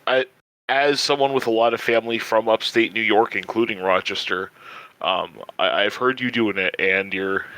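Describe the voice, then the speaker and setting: A man co-hosting a podcast chats casually and backs up his partner with amusement. His voice sits a little low but comes out bright and forceful. The sound is dry and close to the mic. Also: normal speed, no room sound, rough recording. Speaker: podcast co-host. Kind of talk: casual chat.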